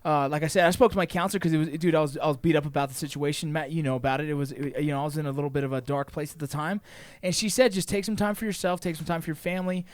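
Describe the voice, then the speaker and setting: A man's voice: on the high side, racing, no room sound. A man with a slightly raised voice who talks with earnest animation as a podcast host. The recording is dry and close, with no room around him. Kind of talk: casual chat. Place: podcast studio.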